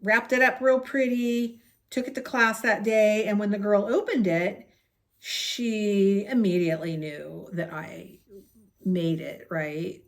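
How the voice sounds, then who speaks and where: A woman's voice: medium pitch, fairly even intonation, takes it slowly. A woman in her late fifties telling a personal story in a rambling, chatty way on her crafting vlog. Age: 50s. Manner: rambling, chatty, with many fillers and asides. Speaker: crochet vlogger. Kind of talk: casual storytelling chat.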